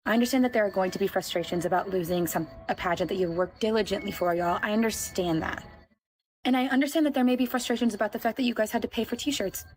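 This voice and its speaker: A woman's voice: medium pitch, fast talker, darkish tone, a little hiss or hum. A woman speaking earnestly and pleadingly in a clip from a social media video.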